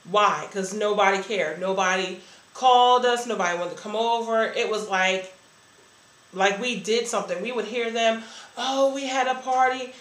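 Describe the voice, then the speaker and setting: A woman's voice: medium pitch, steady tone, moderate pace, a bit bright, reverberant, low-quality recording. A woman giving a candid, earnest personal testimony about her church life. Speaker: church member sharing a testimony.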